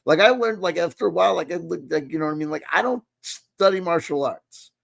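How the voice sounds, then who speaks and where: A man in his late forties rambles through casual reaction commentary, swearing freely and checking in with his listener again and again. His voice sits a little high, with a gravelly, creaky edge. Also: fairly quick, a bit bright. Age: 40s. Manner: rambling, profane, keeps asking "you know what I mean". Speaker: host.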